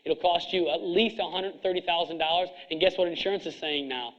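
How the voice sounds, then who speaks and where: A middle-aged man with a high voice lectures a seminar crowd in a blunt, hard-driving way, stacking up rhetorical questions. The recording is dull and lo-fi. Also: brisk, fairly bright tone. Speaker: chiropractor coaching other chiropractors. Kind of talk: seminar speech to an audience.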